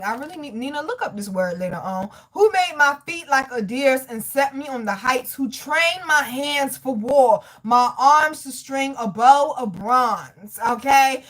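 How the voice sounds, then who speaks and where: A woman giving a casual spiritual tarot reading, reading scripture aloud in an emphatic, preachy way, blunt and profane, talking straight to her viewers. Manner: emphatic and preachy, swings between loud exclamations and low asides. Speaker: tarot reader.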